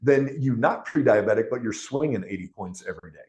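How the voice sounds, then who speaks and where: A man of middle pitch talks as a guest doctor on a podcast. He explains in a relaxed conversational way and lets small chuckles slip in between his points. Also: fast talker. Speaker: functional medicine doctor, guest.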